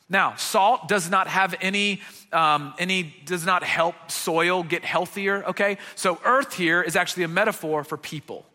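A man's voice: high-pitched, moderate pace, sharp tone, in a large hall. A man preaching a sermon as pastor, conversational and earnest, often checking in with his listeners. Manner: conversational preaching with frequent "okay?" check-ins.

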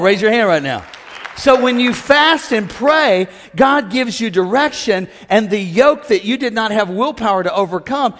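A middle-aged man preaches with a playful, joking manner and keeps calling on the congregation to respond. His voice is pitched very high. It rings through a large church with a long reverb tail. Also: a bit bright. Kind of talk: humorous sermon.

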